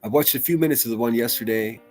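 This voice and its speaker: This American man hosts a casual livestream, reading chat comments aloud and rambling in a loose, profane way. His voice sits at medium pitch and he talks fast, with faint music playing behind him.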